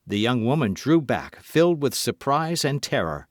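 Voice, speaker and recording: A man narrating a classic novel as an audiobook with an expressive reading. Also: medium pitch, moderate pace, few pauses, no echo, studio quality. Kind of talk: scripted narration.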